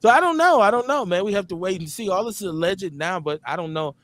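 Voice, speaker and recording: Male host, lively swooping delivery, slightly high voice, loose profane banter. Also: quick pace. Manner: animated, joking, streetwise and profane. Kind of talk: casual talk-show banter.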